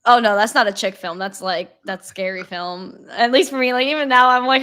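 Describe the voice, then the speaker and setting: A woman's voice: a little high, a little fast, sharp tone, smooth. A young woman in casual chat, rambling with many fillers and laughing easily.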